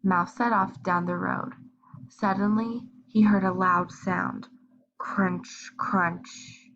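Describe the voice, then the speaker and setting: A woman reading a picture book aloud to young children, slow and expressive, pausing to ask them questions. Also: medium pitch, dull audio, a little hiss or hum. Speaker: storybook reader. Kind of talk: children's read-aloud storytime.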